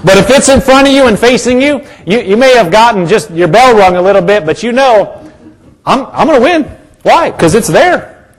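Emphatic male preacher, slightly high voice. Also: animated, normal speed. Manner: emphatic and repetitive, calls for congregation responses. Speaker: pastor. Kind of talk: sermon.

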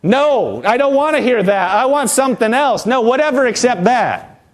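A man preaching a sermon as pastor, lively and animated, acting out quotes from the people he talks about. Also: extremely high pitch, normal speed.

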